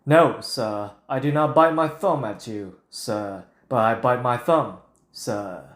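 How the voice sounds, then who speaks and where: A man voicing Shakespearean characters in a put-on British accent, reciting lines theatrically and deliberately. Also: mid-range voice, fairly bright tone. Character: stagey Shakespearean speaker, adult man. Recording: roomy echo.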